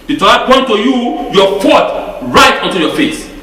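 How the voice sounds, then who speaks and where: A man preaches a sermon in a high, bright voice, pressing his point with rhetorical questions and stumbling restarts. He stands well back from the mic in a hall that rings with heavy echo. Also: expressive, a little slow. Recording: very echoey hall, mic far off.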